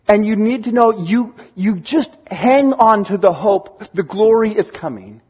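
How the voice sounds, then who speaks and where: Male preacher, high husky voice, earnest sermon that sinks to a hush at points. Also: expressive, measured pace, highs cut off. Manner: earnest, encouraging, drops to a hush for emphasis. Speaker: pastor.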